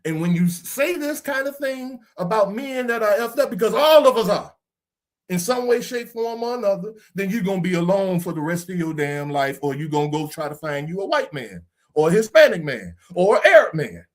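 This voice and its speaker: A man's voice: high-pitched, lively intonation, fairly quick. A man hosting a podcast discussion, talking in a preachy, casual way and swearing now and then. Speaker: podcast host.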